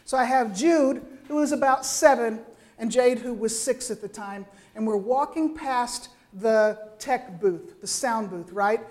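An older woman delivers a sermon with a voice that sits a little higher than most. She talks in a loose, conversational way and keeps pulling her listeners in with quick asides. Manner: lively, conversational, frequent "right?" asides. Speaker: preacher.

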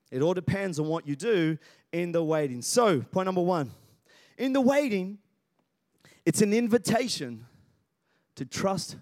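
A man, preaching a sermon, calling for responses from the congregation and swinging from quiet to loud. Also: on the high side. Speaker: pastor.

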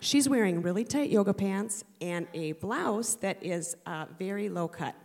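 A woman's voice: mid-range voice, a little slow, vocal fry, a little mellow. A middle-aged woman and mother telling a humorous personal story to an audience, with a playful, punchy delivery.

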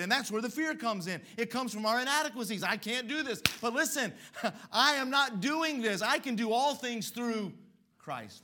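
A middle-aged man preaching with a high, bright voice. He tells stories in an animated way, swelling up for emphasis. His delivery is lively and forceful. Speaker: pastor. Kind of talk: sermon.

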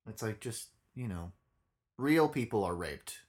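A man's voice: lowish voice, measured pace. A young man co-hosting a casual podcast, telling a story bluntly with lots of swearing. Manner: profane, blunt, animated storytelling. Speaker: podcast co-host.

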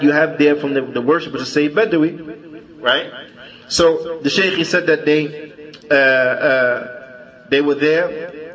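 A man's voice: mid-range voice, rough recording. A man giving a conversational religious lecture at a mosque. He tells a story and often stalls, restarting and repeating words. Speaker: religious class teacher.

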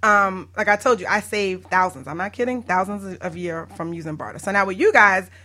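A woman talks casually as a broker on a podcast. Her voice is bright and lively, and she laughs often as she tells stories. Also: mid-range voice, brisk. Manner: animated, laughs often, acts out callers. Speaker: barter exchange broker.

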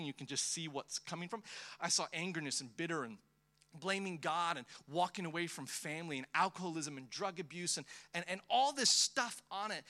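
Bright-voiced man preaching a testimony. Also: a little high. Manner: builds from quiet storytelling to impassioned preaching. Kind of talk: sermon testimony.

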